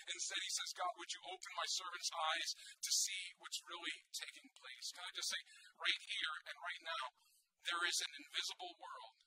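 A man's voice: very high voice, vocal fry, noisy background. A man preaching a sermon in a conversational, storytelling way, often asking the listeners rhetorical questions. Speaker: pastor.

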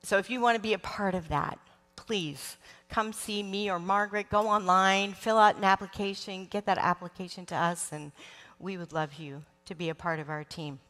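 A woman's voice: medium pitch, steady tone, normal speed, fairly bright tone, soft background music. A middle-aged woman who leads a church's children's ministry, giving a sermon to the congregation in an earnest, emotional way, with frequent ums. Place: large church sanctuary. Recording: long church hall reverb.

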